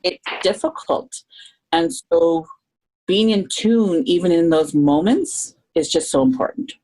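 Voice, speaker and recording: Low-voiced woman speaking earnestly. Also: measured pace, warm tone, low-quality recording. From Canada. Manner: earnest and open, thinking aloud with restarts. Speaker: guest. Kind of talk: reflective podcast conversation.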